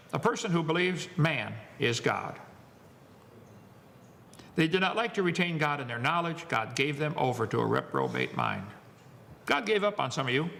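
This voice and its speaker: Man, seminar speaker, wisecracking, preachy, lively pitch, long hall reverb. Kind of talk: joking lecture to an audience.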